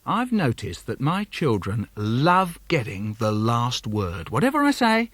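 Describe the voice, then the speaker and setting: A man reading his own children's poems for a studio cassette in an animated, comic way, slipping into lively character voices. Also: mid-range voice, measured pace, few pauses, no room sound. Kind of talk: playful poetry reading for children.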